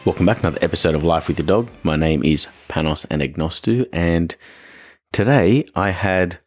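Deep-voiced Australian man, chatty podcast host. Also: normal speed, soft background music. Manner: chatty, rambling, self-deprecating. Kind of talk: casual storytelling monologue.

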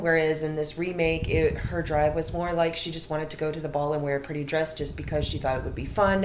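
A woman's voice: low-pitched, a little mellow. A woman co-hosting a podcast, talking in an easygoing, thoughtful way with fillers. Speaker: podcast co-host. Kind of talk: casual chat. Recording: roomy echo, faint noise.

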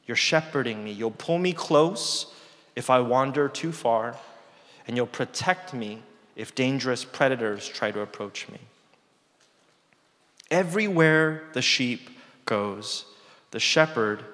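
Pastor, man in his 30s, mid-pitched, earnest reflective sermon delivery with gentle humor, long church reverb. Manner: earnest, reflective preaching with soft dropped phrases and light self-deprecating humor. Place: church sanctuary.

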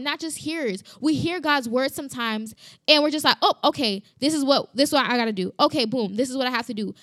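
A woman's voice: high voice, a bit bright, no echo, clean studio sound. A woman preaching in a casual, emphatic way into a microphone, repeating phrases and asking rhetorical questions. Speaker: christian podcast host. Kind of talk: casual sermon. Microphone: studio mic.

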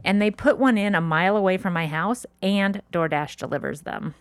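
A woman's voice: mid-range voice, a little fast, clean tone, dry recording. A young woman co-hosting a podcast, chatting in an upbeat way and laughing often. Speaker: podcast co-host. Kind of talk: casual chat.

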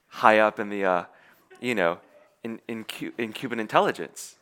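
His voice is on the low side and a little slow as he preaches a sermon. He tells a spy story in an animated way, acting out the characters' quoted dialogue and restarting frequently.

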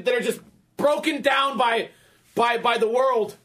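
A man's voice: extremely high pitch, unhurried, fairly bright tone. A man in his thirties telling a comic story in a profane, exasperated rant.

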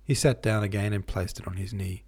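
An audiobook reader, male, works through a classic novel at a steady, measured pace, pausing now and then to explain the footnotes. His voice sits fairly low and sounds slightly rough.

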